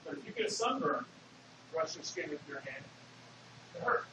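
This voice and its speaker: A man's voice: fairly high pitch, sing-song, normal speed, dull audio, background noise. Man lecturing in an echoey hall. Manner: explanatory, asks the class questions. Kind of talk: classroom lecture.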